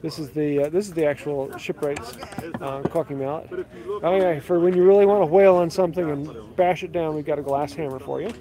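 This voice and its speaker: Speaking a little fast in a fairly high voice, a woodworking channel host wanders among the tables of an outdoor tool sale. He's chatty and relaxed, listing tools and prices as he walks, while a crowd chatters in the outdoor background.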